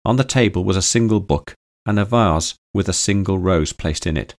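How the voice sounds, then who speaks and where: A male audiobook narrator with a deep, low voice, reading in a steady and even way. The recording is close and dry, with no room sound. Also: moderate pace, no room sound. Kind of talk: audiobook storytelling.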